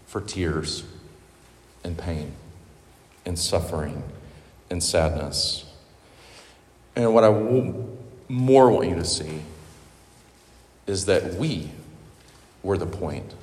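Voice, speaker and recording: A man preaching a sermon, earnest and emotional, halting with fillers. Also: deep voice, darkish tone. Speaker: pastor. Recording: echoey hall with long reverb.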